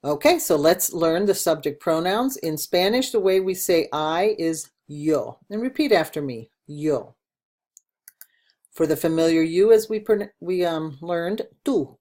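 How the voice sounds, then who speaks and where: Low-voiced retired woman teacher. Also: moderate pace, hardly any pauses, a little mellow. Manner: patient, spells out letters and repeats words for learners. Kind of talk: online language lesson. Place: home.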